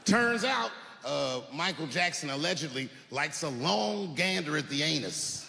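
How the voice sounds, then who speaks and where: Brief: high-voiced male comic, profane, shouty peaks, big hall reverb. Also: lively intonation, measured pace, creaky. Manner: profane, swings from muttering to shouting. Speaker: stand-up comedian. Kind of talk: stand-up comedy. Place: stage before a live audience. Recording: long hall reverb, noisy live room.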